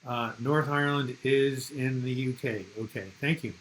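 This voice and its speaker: A man's voice: mid-range voice, steady tone, moderate pace, fairly bright tone, slight background noise, rough recording. Chatty older American man hosting. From United States. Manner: chatty, rambling, reads viewer comments aloud. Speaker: live chat host. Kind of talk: casual live-stream chat.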